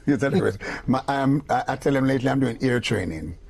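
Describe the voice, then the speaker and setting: An older music producer with a Jamaican accent, telling animated anecdotes in an interview and acting out the voices of the people in them. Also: male voice, mid-range voice, brisk, gravelly, breathy edge. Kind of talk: storytelling interview.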